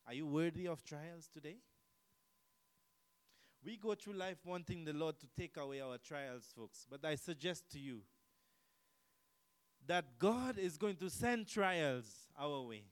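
Preacher guy, kinda high voice, asks the crowd questions, repeats himself, goes loud then quiet, dry sound. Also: lively intonation, unhurried, pauses often, smooth, dry recording, poor audio. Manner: emphatic, repetitive, rhetorical questions, swings between loud and quiet. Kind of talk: sermon.

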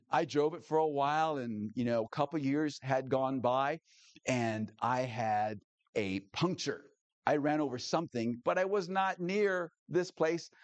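Male preacher, mid pitch, dry close sound, lively storytelling sermon. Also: dry recording. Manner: animated storyteller, acts out dialogue, laughs often. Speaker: pastor.

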